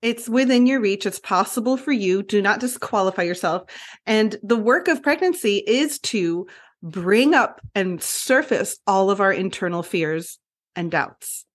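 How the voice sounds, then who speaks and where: A woman's voice: mid-range voice, expressive, measured pace. Earnest woman speaking in a flowing stream. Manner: earnest, flowing, many filler "like"s. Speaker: guest, birth educator. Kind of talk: podcast interview talk.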